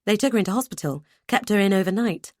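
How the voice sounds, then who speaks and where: A woman's voice: mid-range voice, expressive, fast, a little mellow, no echo, studio quality, lightly acted. A woman voicing a brusque, dutiful adult brother who talks bluntly and matter-of-factly in an audiobook. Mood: curt.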